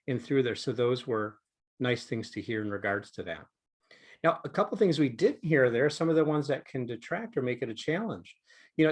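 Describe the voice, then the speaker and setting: Guy running an online training, rambly and casual, lots of um and you know. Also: medium pitch. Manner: conversational, many fillers and asides. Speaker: presenter coaching delegates on testimony.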